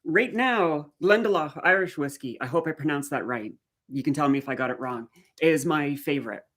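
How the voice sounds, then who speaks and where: A woman's voice: sits low, normal speed, a bit bright. A middle-aged woman from the Canadian Maritimes with a faint Maritime accent, chatting casually on a live stream and answering viewer comments as she goes.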